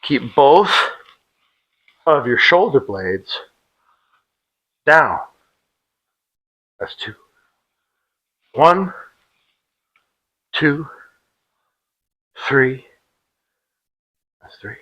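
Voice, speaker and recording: A man's voice: medium pitch, sing-song, very slow, pauses often, lo-fi sound. A middle-aged man leading a workout drill in a casual, joking way, calling out cadence counts with a clip-on mic. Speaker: fitness instructor. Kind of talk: demonstrating an exercise drill.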